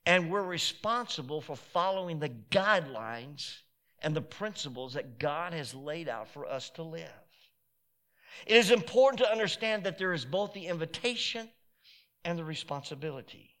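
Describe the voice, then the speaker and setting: A pastor preaching a sermon in an emphatic, repetitive way that builds to shouted peaks. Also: male voice, on the high side, expressive, moderate pace.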